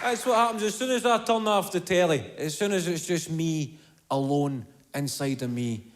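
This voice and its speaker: Scottish male comic, sweary and animated. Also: a little high, moderate pace. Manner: swearing, rambling, animated storytelling. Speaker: stand-up comedian. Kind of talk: stand-up comedy set. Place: large venue before a live audience. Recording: roomy hall with loud crowd.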